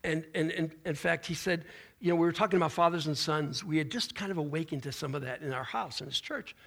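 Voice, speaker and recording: A man's voice: on the high side, quick pace, gravelly, a bit bright. A man preaching a sermon as pastor, in an informal way with restarts and folksy asides. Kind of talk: conversational sermon.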